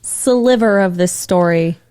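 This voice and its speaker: A woman's voice: medium pitch, takes it slowly, mellow, clear, resonant tone. A woman co-hosting a casual podcast, joking and playful. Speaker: podcast co-host. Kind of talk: casual chat.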